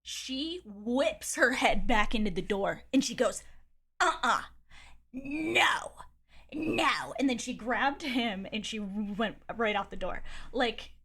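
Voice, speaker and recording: A woman's voice: on the high side, a little slow, hardly any pauses, fairly bright tone. A woman streamer chatting casually, telling a gossipy story candidly with frequent swearing and laughs. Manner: rambling with fillers and laughs. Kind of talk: casual chat.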